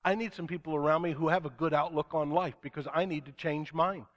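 Earnest preaching man, fairly high voice. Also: steady tone. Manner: earnest, emphatic, slows down to stress key words. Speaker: pastor. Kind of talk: sermon.

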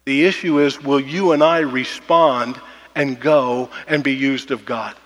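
A pastor preaching a sermon, with emphatic repetition and a slowdown on key phrases. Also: male voice, mid-range voice, steady tone, a bit bright. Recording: long hall reverb.

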